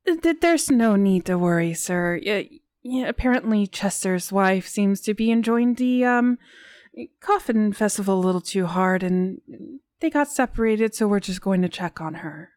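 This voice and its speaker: A woman's voice: mid-range voice, lively intonation, moderate pace, darkish tone, no echo, clean studio sound. A woman playing a tabletop game with wry, teasing remarks and some stammering. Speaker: player.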